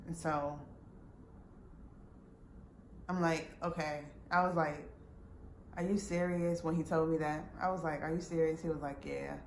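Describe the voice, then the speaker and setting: A woman casually retelling a frustrating personal experience, full of fillers and quoted dialogue. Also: fairly low pitch. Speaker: vlogger. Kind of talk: personal storytime. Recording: roomy with faint background noise.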